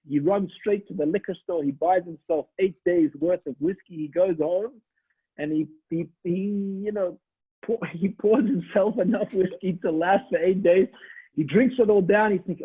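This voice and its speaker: A man's voice: high voice, moderate pace, slightly rough, no echo. Chatty man on a tinny line. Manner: animated, chatty, many restarts. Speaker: rabbi. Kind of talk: storytelling sermon. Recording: dry tinny phone-like line.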